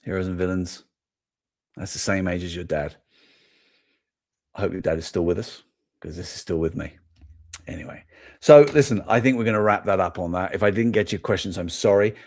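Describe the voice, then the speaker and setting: Brief: middle-aged English male host, low voice, casual rambling live chat, self-amused. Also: steady tone, a little fast, pauses often, darkish tone. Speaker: toy podcast host.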